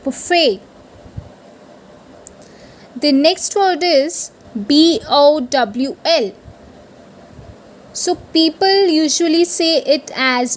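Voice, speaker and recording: Woman, English pronunciation teacher, high voice, unhurried delivery, spells words out letter by letter, frequent "right?" check-ins. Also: a little hiss or hum. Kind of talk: pronunciation lesson to camera.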